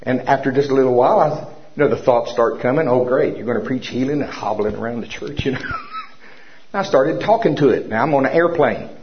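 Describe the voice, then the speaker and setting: Animated man preaching a sermon. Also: medium pitch, fairly quick. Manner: storytelling, animated, commanding declarations. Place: church service with congregation. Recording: dull lo-fi recording.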